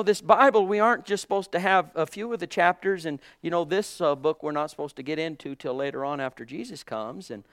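Fervent high-voiced male preacher. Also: creaky, a bit bright, no echo, studio quality. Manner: fervent, emphatic preaching with rising exclamations. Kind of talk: sermon.

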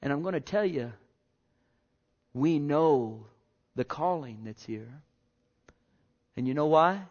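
A man preaching a sermon to his congregation, slow and emphatic, repeating phrases and swinging between quiet and loud. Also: on the high side, lively intonation. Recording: dull lo-fi sound.

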